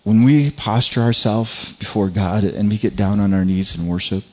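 A man preaching a sermon as a pastor, often repeating his words and climbing higher in pitch when he presses a point. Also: moderate pace, darkish tone, highs cut off.

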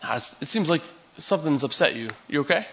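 A man voicing a calm, gentle adult male Jesus in an easygoing, kindly questioning way. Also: on the high side, fast, muffled recording, slight background noise.

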